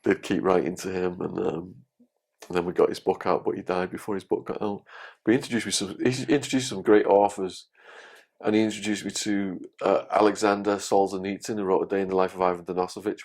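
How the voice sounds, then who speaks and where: A man telling his story as a podcast guest, animated and swearing freely. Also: deep voice, fast talker.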